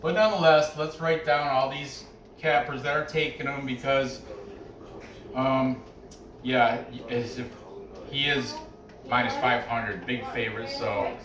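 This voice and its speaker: A man's voice: medium pitch, fairly even intonation, unhurried, long pauses, far from the mic, crowd noise. Chatty man, roomy and off-mic. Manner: loose, chatty, frequent restarts and asides. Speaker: sports betting picks host. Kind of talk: casual rambling commentary. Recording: roomy echo, off-mic, faint music behind.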